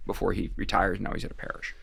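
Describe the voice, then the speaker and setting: A man's voice: deep voice, completely flat delivery, quick pace, vocal fry, fairly bright tone, husky, dry recording, clean studio sound. A middle-aged man, a guest expert on financial fraud, recounting cases in a casual interview, rambling along with frequent restarts and fillers.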